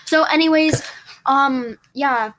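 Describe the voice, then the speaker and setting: Brief: young woman podcast co-host, rambling storyteller, giggly, slightly high voice. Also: slow, fairly bright tone. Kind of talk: casual chat.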